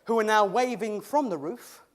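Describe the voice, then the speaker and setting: A man's voice: high voice, normal speed, lightly acted. A man playing a cheerful once-lame man in a comic theatrical monologue, stammering and chuckling as he tells his tale. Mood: chatty, comic. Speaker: actor in a monologue.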